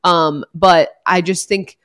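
A woman, a sports reporter, giving a careful, measured take in a casual panel chat. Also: lowish voice, steady tone, fairly bright tone, clear, resonant tone. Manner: measured, weighs pros and cons.

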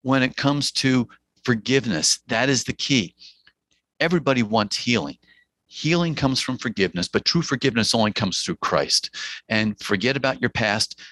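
A man's voice: medium pitch, normal speed, a bit bright, dry recording. Emphatic New man, dry close mic. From New Jersey. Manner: earnest, emphatic, repeats phrases for emphasis. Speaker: physician guest. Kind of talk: podcast interview, preaching-like testimony.

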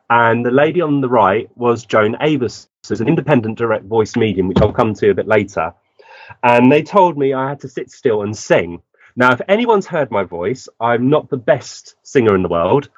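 A man's voice: medium pitch, no room sound. A man telling a personal story as a guest, acting out the lines of people he quotes. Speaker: guest medium. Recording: dull lo-fi dry recording.

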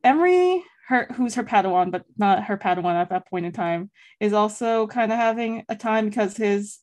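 A woman's voice: medium pitch, animated, moderate pace, a little mellow. Young woman co-host with a mid-range voice, rambling and giggly in loose chat. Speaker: podcast co-host. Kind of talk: casual fan discussion.

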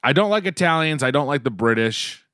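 A man's voice: fairly high pitch, lively intonation, brisk, pushed and bright, no echo, studio quality. An American man co-hosting a podcast, ranting with swearing and mock outrage in casual chat. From United States. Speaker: podcast co-host.

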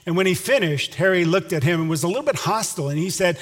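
A man's voice: sits high, a little fast, big-room sound. A male pastor preaching a sermon, telling a story and then leading an earnest prayer.

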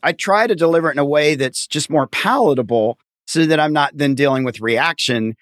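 Friendly man hosting a chat, higher voice. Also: a little fast, a bit bright, no room sound, studio quality. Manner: friendly, acts out quoted voices. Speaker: podcast host and accountant. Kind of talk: casual interview chat.

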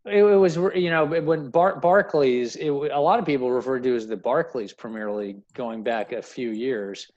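A man's voice: medium pitch, darkish tone, lo-fi sound. A man co-hosting a podcast, bantering casually and laughing easily. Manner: quick to laugh, jokey banter. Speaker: podcast co-host. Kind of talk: casual chat.

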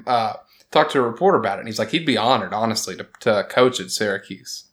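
A man hosting a casual sports podcast, talking in an animated, rambling way that keeps interrupting itself. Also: lowish voice, fast talker. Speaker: podcast host.

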